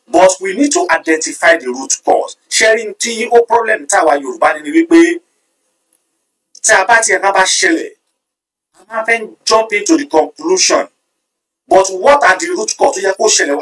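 A man hosting a live stream, reading viewer comments aloud and tallying their votes in an animated way. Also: high-pitched, far from the mic, low-quality recording. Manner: animated, switching between Yoruba and English, counting votes aloud. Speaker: livestream host.

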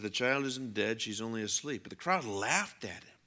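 A man preaching a sermon, animated, acting out the voices of people in the story and swinging between loud outbursts and hushed lines. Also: mid-range voice, normal speed. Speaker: pastor.

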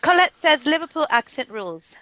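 A woman's voice: high voice, sing-song, fairly quick, pushed and bright, dry recording, dull audio. A woman co-hosting a live podcast, chatty and giggly, reading listener names aloud. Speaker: podcast co-host. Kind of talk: casual live podcast chat.

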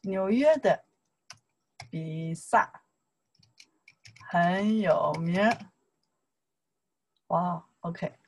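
A woman from China teaching a Mandarin lesson, drilling words slowly in a chatty manner, with a Chinese accent in her English. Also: on the low side, slight background noise, rough recording. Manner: slow, repetitive drilling with broken English asides.

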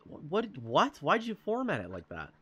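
Loud excitable young man streaming. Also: fairly high pitch, moderate pace, breathy edge, dry recording, muffled recording. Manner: loud, excitable, swearing, bursts into yelling. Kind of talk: live let's-play commentary.

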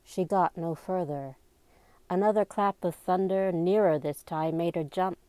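A woman narrating a novel aloud, slow and deliberate in her storybook reading. Her voice is mellow and slightly low. The sound is close and dry, with no echo. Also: clean tone. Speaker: amateur reader.

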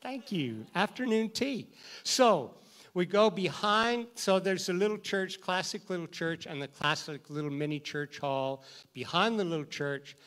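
A man, a teacher, telling a story in a talk, lively and acting out the people in it. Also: high-pitched, measured pace, clean tone. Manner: animated, acts out every voice in his story. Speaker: teacher and guest speaker.

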